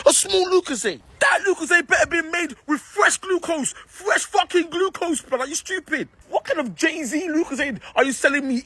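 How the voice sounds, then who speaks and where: A man's voice: very high-pitched, a bit bright, no echo. A young man with a London accent, ranting comically to camera with lots of swearing and slang. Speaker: comedic ranter. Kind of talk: comedic rant to camera.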